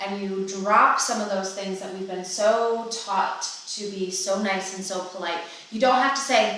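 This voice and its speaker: A woman's voice: mid-range voice, fairly even intonation, moderate pace, few pauses, fairly bright tone. A woman co-presenting a workshop with direct, encouraging speech. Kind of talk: conversational seminar talk. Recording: echoey room from a distance with faint noise.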